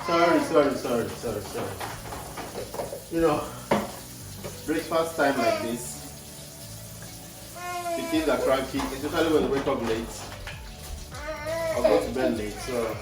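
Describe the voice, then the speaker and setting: A woman's voice: a bass voice, measured pace, long pauses. A woman vlogging at home, chatting to her kids in an apologetic, easygoing way while making breakfast. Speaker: vlogger mother. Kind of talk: casual home vlog. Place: home kitchen. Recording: echoey room with music behind.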